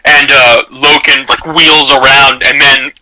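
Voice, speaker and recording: A man's voice: medium pitch, level tone, a little slow, pushed and bright, low-quality recording. A man narrating a tabletop game as game master, in a loose, rambling way with many fillers.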